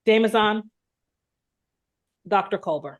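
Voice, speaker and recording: A woman's voice: medium pitch, muffled recording. Teasing woman co-host, casual. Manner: teasing, lively, quick to laugh. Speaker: podcast co-host. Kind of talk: casual chat.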